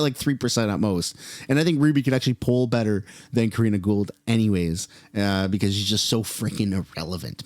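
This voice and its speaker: A man's voice: mid-range voice, darkish tone, no echo, clean studio sound. A man from Canada whose first language is French, giving blunt, profane reaction commentary in a casual, ranting way. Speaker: political commentator.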